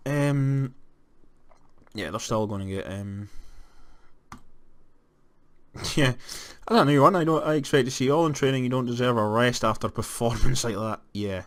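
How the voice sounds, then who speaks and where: A young Scottish man giving casual let's-play commentary on a football management game, moving from flat disappointment to excited shouts. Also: medium pitch. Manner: animated, jumps to excited shouts at goals. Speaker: gaming commentator.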